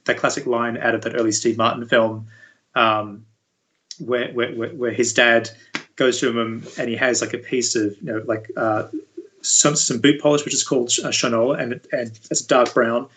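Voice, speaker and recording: A man speaking as an interview guest, a university VFX lead explaining things in a relaxed, conversational way. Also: mid-range voice, normal speed, rough recording. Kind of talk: casual interview chat.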